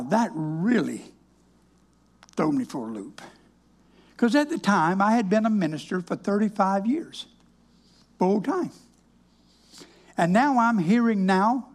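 An older man with a drawl gives a personal testimony in the manner of a sermon. His voice is husky and a little rough. He talks in a folksy, plainspoken way with a dry, wry humor. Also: sits high. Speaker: minister.

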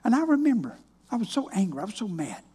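A man's voice: high-pitched, sing-song, fast, mellow, breathy edge. An older man, a minister giving a folksy, plainspoken, wry personal testimony.

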